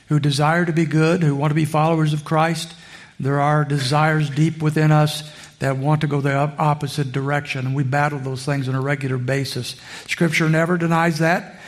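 Conversational pastor preaching. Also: male voice, fairly high pitch. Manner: conversational preaching with frequent "uh" fillers. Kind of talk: sermon.

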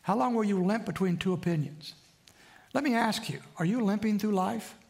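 A man's voice: high-pitched, normal speed, creaky, a little mellow. A man preaching a sermon in a conversational way, often asking the congregation for responses. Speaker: pastor.

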